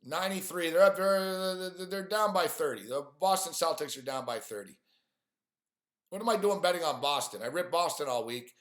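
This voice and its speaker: A man with a fairly high voice rants through a live stream, cursing at referees and losing bets. His frustration keeps boiling over in profane outbursts. The room around him is echoey and hollow. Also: normal speed, a bit bright. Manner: profane, frustrated ranting about games and bets. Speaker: sports betting streamer.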